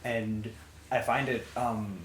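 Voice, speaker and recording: A man co-hosting a casual music review chat, halting and searching for words with many fillers. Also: on the low side, little pitch movement, fairly bright tone. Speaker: podcast co-host. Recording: roomy sound with faint ambient noise.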